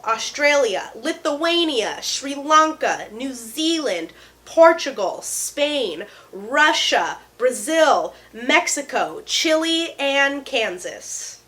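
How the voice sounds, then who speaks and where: A woman in her thirties chatting casually to camera as a vlogger, animated and jokey, with playful asides. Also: high voice. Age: 30s. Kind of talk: casual chat.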